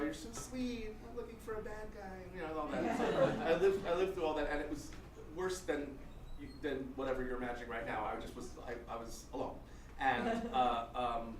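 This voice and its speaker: A middle-aged man telling stand-up stories in a chatty, self-deprecating way, full of restarts and fillers. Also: medium pitch. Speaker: guest storyteller. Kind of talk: stand-up storytelling. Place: small comedy venue. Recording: roomy hall mic, from a distance, noisy.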